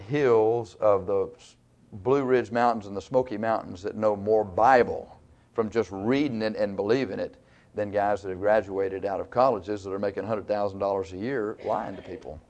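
A man's voice: lowish voice, darkish tone. A man preaching a sermon in a folksy, conversational way, teaching verse by verse with asides to the congregation.

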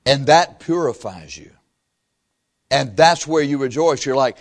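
A man preaching a sermon, acting out little scenes and swinging from loud outbursts to hushed asides. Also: medium pitch, unhurried, long pauses.

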